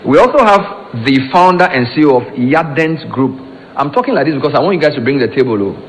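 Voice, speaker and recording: Joking Ghanaian emcee in a hall. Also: male voice, mid-range voice, animated, quick pace. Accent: Ghanaian English. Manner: chatty, joking asides, audience prompting. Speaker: master of ceremonies. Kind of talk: conference emcee introductions. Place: conference hall. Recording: reverberant hall with faint room noise.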